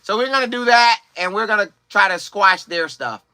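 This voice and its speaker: Male sports vlogger, bright forceful voice, dry close sound, animated and emphatic. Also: high-pitched, normal speed, clear, resonant tone, no echo. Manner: animated, emphatic, slangy storytelling. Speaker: sports commentator. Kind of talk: casual commentary vlog.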